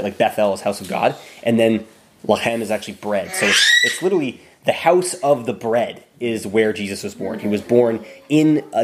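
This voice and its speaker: A man leading an informal Bible study for a small group in a room, talking in a relaxed, conversational way and often restarting his phrases. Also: lowish voice, slight background noise.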